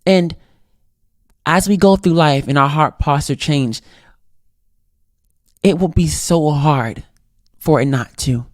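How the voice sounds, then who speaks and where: A man's voice: on the high side, slow pace, pauses often, no echo. Guy talking to the mic on his own podcast, earnest and reflective, voice jumps up and down a lot, dry close sound. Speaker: podcast host. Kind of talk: solo motivational talk.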